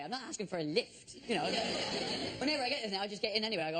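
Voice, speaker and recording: Wry comic, lively pitch. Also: male voice, brisk, pauses often. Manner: wry, plays both sides of the dialogue. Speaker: comedian. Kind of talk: stand-up anecdote. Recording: loud audience noise behind.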